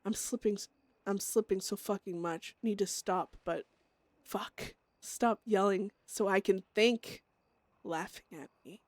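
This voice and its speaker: A woman voicing a troubled outlaw woman who hears voices and craves drugs, speaking her thoughts in a quiet, halting inner monologue. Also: medium pitch, no room sound, lightly acted. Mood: tormented.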